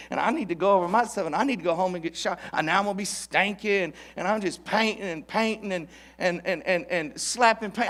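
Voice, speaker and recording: A pastor in his fifties preaches with a noticeably high-pitched voice. He tells the story in a loose, conversational way, then presses his point home with emphatic sermon delivery.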